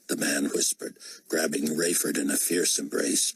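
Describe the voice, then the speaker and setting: A man reading an audiobook in steady, measured narration. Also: rumbling low, gravelly, slight background noise, low-quality recording. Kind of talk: scripted narration.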